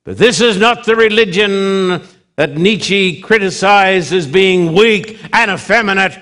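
A man with a high voice preaches a sermon, swinging between loud emphasis and hushed drops. His phrasing is slow, deliberate, and repetitive.

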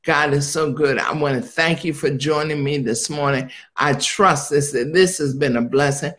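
A man's voice: a little high, moderate pace, a bit bright. A male minister preaching a live-streamed sermon in a call-and-response style, sometimes dropping to a near-whisper.

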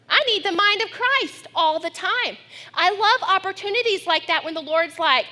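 A middle-aged woman pastor preaching a sermon, telling family stories with lively acted-out quotes. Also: extremely high pitch, normal speed. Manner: storytelling, animated when acting out her daughter.

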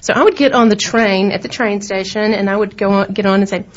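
In a radio studio, a middle-aged woman with a Southern accent rambles and laughs through casual on-air chat as a talk show co-host. She speaks fairly quickly in a mid-range voice. The sound is dull and lo-fi, like an old radio recording.

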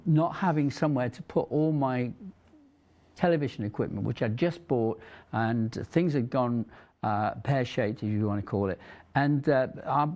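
A man's voice: medium pitch, a little mellow. A middle-aged man hosting a Christian talk show, a rambling, chatty storyteller who laughs often. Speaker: TV show host.

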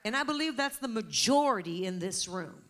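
High bright fervent woman preacher. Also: lively intonation, normal speed. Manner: fervent, emphatic preaching to a congregation. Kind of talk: sermon.

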